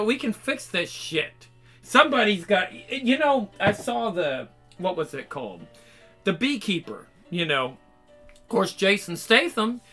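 A man's voice: sits high, sharp tone. A man ranting in an angry, profane, rambling monologue.

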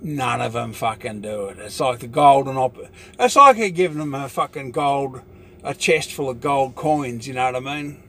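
A man's voice: medium pitch, animated, moderate pace, bright, forceful tone. An older Australian man talking in a rambling, profane casual monologue, filling his talk with "you know".

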